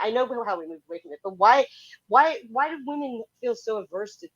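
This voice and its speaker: A woman's voice: on the high side, lively intonation, a little fast, muffled recording, a loud crowd. A woman co-hosting a podcast, rambling and stammering as she argues and asks questions. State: cold. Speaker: podcast co-host. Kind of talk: casual debate chat.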